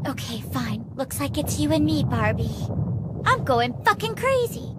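Cartoon dub: a very high, sing-song snarky schoolgirl, crude jokes. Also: big pitch swings, moderate pace, heavy background noise. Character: brash foul-mouthed young schoolgirl.

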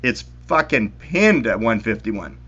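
A middle-aged man from Winnipeg, telling stories to friends on a podcast in an excitable, animated way with plenty of swearing. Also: on the low side, a little slow, husky, highs cut off. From Winnipeg, Canada. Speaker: podcast co-host. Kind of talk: casual storytelling among friends.

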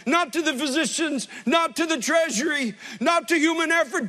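Impassioned high-voiced male preacher. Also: normal speed, long reverb tail, a faint crowd. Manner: impassioned, swells from hushed to loud. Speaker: pastor. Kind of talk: sermon.

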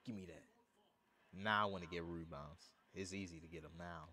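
A man commentating his own basketball video game, swinging from low muttering to excited shouting. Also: normal speed. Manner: hyped, shouting bursts between low muttering. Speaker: gaming streamer. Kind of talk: excited live commentary over gameplay.

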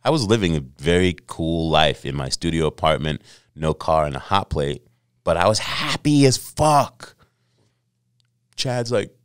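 A middle-aged man on a podcast, telling a lively story with lots of swearing and acted-out quotes. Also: a bass voice, no room sound, studio quality. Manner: animated storyteller, acts out quotes, swears freely. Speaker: podcast guest. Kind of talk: casual storytelling.

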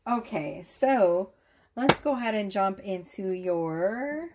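A woman giving a casual tarot reading to camera, gushing and excitable, swearing freely as she talks. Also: medium pitch, slow pace, heavy background noise. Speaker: tarot reader.

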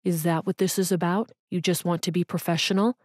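A woman's voice: fairly low pitch, steady tone, a little fast, no room sound, studio quality, close to an everyday voice. A woman voicing an earnest businessman who sounds hurt and subdued.

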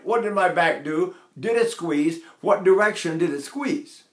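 An older male voice teacher with a fairly high voice talks through vocal technique. He rambles and wanders off on side notes. The sound is echoey, as if recorded in a bare room. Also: a little slow. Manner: rambling, digressive explanations with sung demonstrations.

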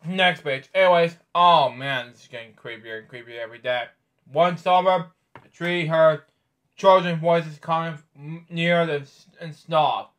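Male host, bedtime read-aloud, stumbling and chatty, voice on the higher side. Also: a bit bright. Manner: halting reading with stumbles and offhand commentary. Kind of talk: reading a picture book aloud with casual asides.

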